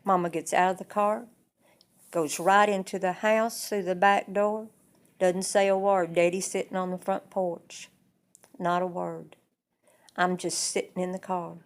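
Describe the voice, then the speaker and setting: A woman telling a personal family story in plain, unhurried present-tense sentences. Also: on the low side, little pitch movement. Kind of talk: oral storytelling.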